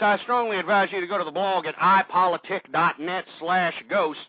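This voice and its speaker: A man's voice: high-pitched, no room sound. A male radio host ranting angrily at his listeners, insulting them and calling them folks. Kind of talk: talk radio rant. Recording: dry, muffled internet radio stream.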